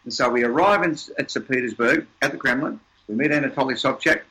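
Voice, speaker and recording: A man's voice: mid-range voice, fast, pushed and bright, rough recording. Older man telling emphatic stories. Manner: emphatic, repeats words while building a point. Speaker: interview guest, seminar presenter. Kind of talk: storytelling conversation.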